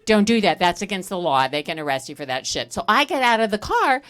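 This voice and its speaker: A middle-aged woman doing a stand-up comedy set on a stage, telling animated stories and breaking into laughter. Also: medium pitch, fairly quick. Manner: animated storytelling with bursts of laughter. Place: comedy stage at a live fundraiser.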